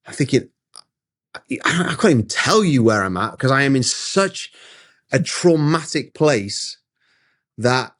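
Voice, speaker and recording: Speaking at a measured pace with long pauses, this middle-aged interview guest shares a personal story from his studio via video call. He's emphatic and animated, frequently starting over, and his pitch is medium.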